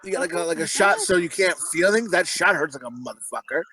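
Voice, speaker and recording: A man's voice: fairly high pitch, lively intonation, fast, a crowd in the background. A middle-aged man co-hosting a podcast, rambling through profane anecdotes with laughing asides. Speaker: podcast co-host. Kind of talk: crude casual podcast banter.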